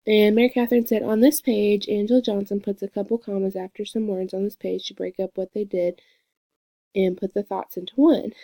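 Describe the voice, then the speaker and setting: A young woman gives an earnest peer review of a classmate's book report, reading quoted lines slowly and pausing between them. Her voice is mellow and warm. The sound is close and dry, with no room echo. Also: mid-range voice, little pitch movement. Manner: earnest, reads quoted passages slowly with pauses. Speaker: student giving a peer review. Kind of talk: reading aloud and commenting on a book.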